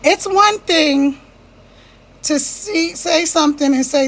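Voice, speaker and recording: A woman's voice: sits high, takes it slowly, fairly bright tone. A woman giving an impassioned monologue, checking in with her listeners again and again. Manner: passionate, repeats "right?" to check in with listeners.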